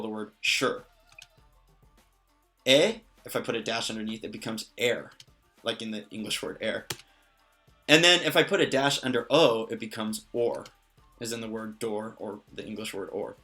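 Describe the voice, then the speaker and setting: A man's voice: medium pitch, normal speed, long pauses, pushed and bright, faint music behind. A man teaching vocabulary in a casual spoken lesson, patient and careful, explaining step by step and adding small jokes. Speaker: language teacher.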